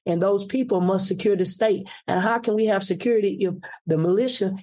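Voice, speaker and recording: A man's voice: high-pitched, fairly quick. A man, a political candidate, telling a personal story and acting out what people said. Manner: animated, acts out quoted speech.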